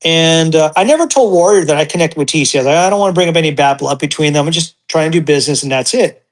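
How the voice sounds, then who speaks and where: A man in his forties chats as a podcast guest, spinning long anecdotes in a relaxed, conversational way. He brings his stories to life by acting out the voices of the people he quotes. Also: on the high side, fast talker, rough recording. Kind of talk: casual podcast storytelling.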